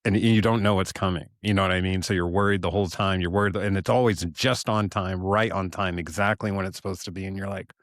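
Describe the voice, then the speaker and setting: A man's voice: low voice, fairly even intonation, fast, hardly any pauses, no echo, studio quality. A man hosting a podcast, offering reflective remarks and affirming interjections in casual interview chat. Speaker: podcast host.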